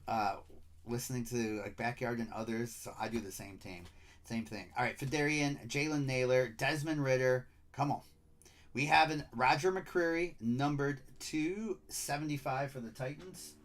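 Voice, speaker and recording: A middle-aged host from Michigan, USA, speaks in a Michigan accent on a live card-break stream, chatting cheerfully and running through player names. His mid-range voice is unhurried, with slight background noise.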